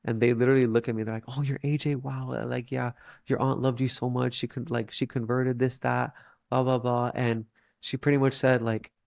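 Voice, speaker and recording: A young man, a podcast guest, telling a long story in a halting way with many fillers and restarts. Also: medium pitch, level tone, creaky, darkish tone, no echo. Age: young adult. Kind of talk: casual storytelling interview.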